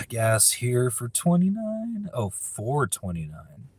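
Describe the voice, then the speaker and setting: A man's voice: medium pitch, huge pitch swings, takes it slowly, breathy edge, no echo. A man from California chatting casually on a live stream, reading viewer questions aloud and answering in a rambling, profane way. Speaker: livestreamer answering viewer chat.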